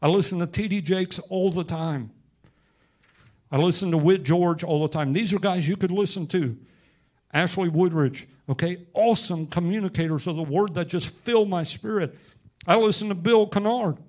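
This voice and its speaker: A man's voice: sits high, normal speed. Impassioned male pastor preaching. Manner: impassioned, rising to loud emphatic peaks. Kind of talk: sermon.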